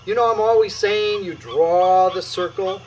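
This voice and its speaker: A middle-aged man teaching qi gong exercises on video, energetic and emphatic, calling out strikes with a loud "boom". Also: a little slow, a little hiss or hum, rough recording. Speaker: qi gong instructor.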